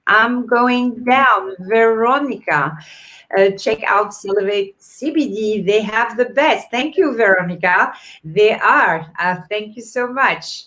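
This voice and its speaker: A woman's voice: mid-range voice, slow pace. A woman with a non-native English accent, hosting a live online event and reading out viewer comments with many fillers. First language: not English. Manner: warm encouraging, reads viewer comments aloud with fillers. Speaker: host. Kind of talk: live-streamed event chat.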